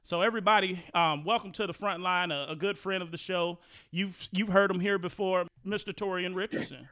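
High, bright-voiced male podcast host. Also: steady tone, fairly quick, no echo. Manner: conversational, repeats and restarts when thinking. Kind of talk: casual podcast talk.

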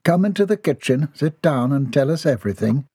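Man playing a fussy manservant, soothing, high strained voice, comic storybook. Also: lively intonation, fairly quick, warm tone, slightly rough, no echo, studio quality. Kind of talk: audiobook character voice.

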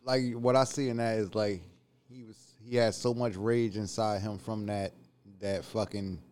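Halting, colloquial male podcast guest. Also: fairly low pitch, steady tone, darkish tone. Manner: halting, restarts words, colloquial speech. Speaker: podcast guest, predator catcher. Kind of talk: casual podcast conversation.

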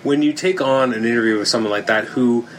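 A man's voice: medium pitch, brisk, slight background noise. A man hosting an interview, asking curious, rambling questions in a casual way. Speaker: interview host.

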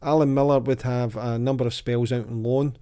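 A man hosts a relaxed football podcast, reading from an old magazine and quizzing his co-host. His voice is dark and mellow, with a chatty, easygoing delivery. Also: mid-range voice, a little fast, smooth. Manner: chatty, reads quotes aloud with lively voices. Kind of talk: casual football chat.

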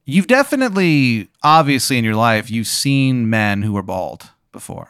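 A man hosting a comedy podcast, telling a profane hypothetical in a deadpan way, often dropping to a low murmur. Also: normal speed, clean tone, dry recording, studio quality. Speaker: podcast host posing a hypothetical. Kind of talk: casual comedic storytelling.

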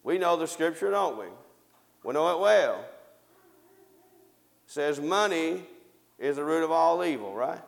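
A preacher with a raised, gravelly voice delivers a sermon. He reads scripture aloud and puts questions to the congregation, then answers them himself. The long reverb of a church hall carries his words. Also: a little high, lively intonation, unhurried, pauses often.

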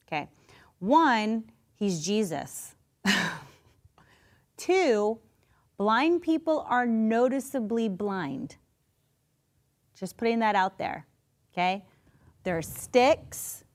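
A woman preaching a sermon, her voice sitting a bit high. She talks in an unhurried, conversational way, with restarts, asides and little acted-out voices. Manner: conversational, animated, acts out quoted voices. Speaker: pastor.

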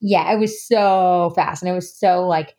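A woman's voice: lowish voice, steady tone, a little slow, mellow. A woman in her thirties, a podcast guest telling a personal story in a candid, chatty way, full of "like" and "you know". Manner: chatty, heavy use of fillers like "you know" and "like".

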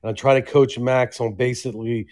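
A man's voice: mid-range voice, fairly even intonation, a little fast, a little mellow, low-quality recording. A man co-hosting a casual podcast, talking in a laid-back, rambling way about coaching. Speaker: podcast co-host and youth coach.

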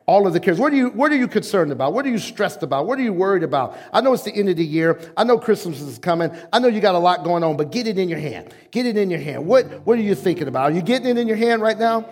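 A man's voice: high-pitched, animated, quick pace, few pauses, a little mellow. A male pastor preaching a sermon, emphatic and rhythmic, calling on the congregation to repeat after him. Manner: emphatic preaching with call-and-response. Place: church sanctuary. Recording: echoey hall.

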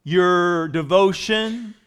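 A man's voice: high voice, drawn-out words, a bit bright, clear, resonant tone. A man preaching a sermon in a conversational way, growing emphatic as he reads and explains scripture. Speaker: pastor.

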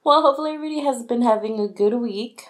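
A woman's voice: a little high, slight background noise. A woman in her thirties co-hosting a casual podcast, bantering and laughing often. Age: 30s. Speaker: podcast co-host. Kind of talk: casual chat.

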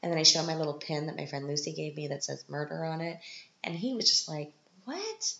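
A woman podcast host telling chatty stories from her week in a casual monologue, animated, with sudden high-pitched quoted reactions. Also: quick pace, gravelly. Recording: roomy, muffled home recording.

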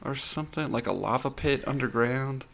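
A man's voice: mid-range voice, moderate pace, vocal fry, a bit bright. A man co-hosting a podcast, explaining things in a chatty way with lots of fillers. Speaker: podcast co-host. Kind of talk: casual chat.

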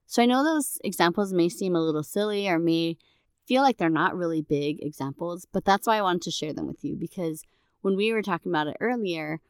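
A woman's voice: sits low, gravelly, no room sound, studio quality. A middle-aged woman therapist co-hosting a podcast, explaining things in a casual conversational way and often adding "right?".

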